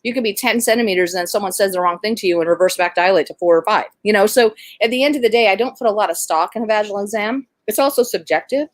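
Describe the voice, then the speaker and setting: A woman who works as a doula and midwife tells a birth story in an animated, conversational way. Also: mid-range voice, quick pace, hardly any pauses, no echo. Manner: animated, conversational, many fillers.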